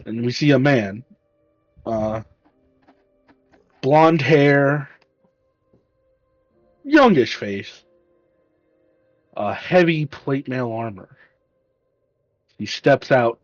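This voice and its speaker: A man narrating a tabletop game as game master, in a casual, halting way with restarts. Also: medium pitch, no room sound, highs cut off, faint music behind.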